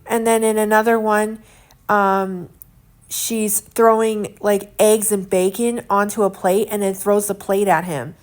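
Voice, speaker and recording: A woman's voice: mid-range voice, steady tone, a little slow. A young woman vlogging at home in casual chat, earnest and indignant, rambling with lots of fillers as she talks.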